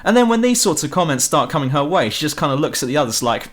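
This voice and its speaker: Brief: young British guy ranting about a game, sarcastic and sweary, animated intonation, home-mic voice-over. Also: on the high side, fast talker. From Britain. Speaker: game reviewer. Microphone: home computer mic.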